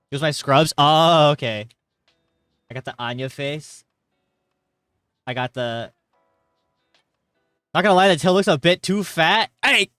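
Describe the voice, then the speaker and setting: A young man live-streaming from his hot bedroom, chatting casually and reading chat aloud, rambling and jokey with sudden loud greetings, and a little tired. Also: mid-range voice, clean tone, no room sound, studio quality. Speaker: livestreamer.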